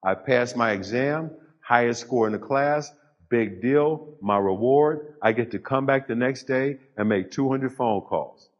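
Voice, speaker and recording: An older man giving a storytelling speech to a live audience, pausing for effect and building emphasis. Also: medium pitch, highs cut off. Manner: storytelling with dramatic pauses and rising emphasis. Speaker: motivational speaker.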